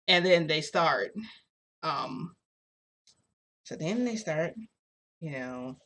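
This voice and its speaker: A young adult woman with a low, fairly bright voice tells a vlog story slowly, pausing often, with lively intonation. She tends to ramble, hesitates a lot, and peppers everything with "like."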